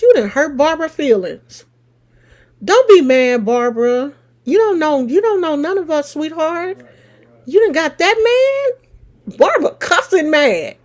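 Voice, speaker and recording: Woman streamer, high and lively voice, teasing, sassy chat, unhurried. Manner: teasing, sassy, loud laughs. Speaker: live streamer. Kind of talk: casual live-stream chat.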